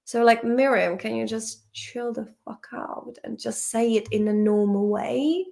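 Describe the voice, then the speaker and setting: A woman's voice: fairly high pitch, unhurried, creaky, a little mellow. A woman teaching vocabulary in a casual, playful study-along lesson, chatting and swearing at the dictionary as she goes.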